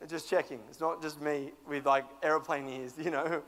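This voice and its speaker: A man's voice: a little high, fairly even intonation, normal speed, hardly any pauses, a bit bright. Aussie guy preaching to a youth crowd, jokey, laughs a lot, big echoey church hall. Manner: playful, laughing, acts out quoted voices. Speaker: guest speaker. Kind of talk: youth sermon with storytelling. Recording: echoey hall with long reverb.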